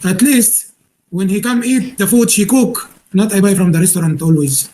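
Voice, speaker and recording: A man's voice: high-pitched, animated, moderate pace, mellow, a little hiss or hum. A man complaining in broken, English.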